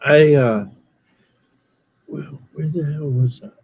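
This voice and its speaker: A man's voice: on the high side, darkish tone, slightly rough, dry recording. A man chatting casually on a livestream, rambling and swearing while fighting the hiccups. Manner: slow, rambling and profane. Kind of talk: casual chat.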